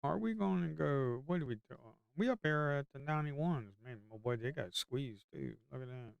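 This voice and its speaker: A man giving casual live commentary as he trades, excitable and slangy, swinging from low muttering to loud hype. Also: moderate pace, vocal fry, smooth, no echo, highs cut off. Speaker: live-stream day trader.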